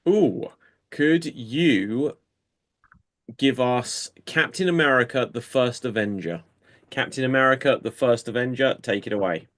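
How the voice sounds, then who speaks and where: A man's voice: mid-range voice, fairly bright tone. A man hosting an online comedy show, bringing on each player and calling time. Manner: brisk, drawn-out sign-offs. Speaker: host. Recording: video call audio.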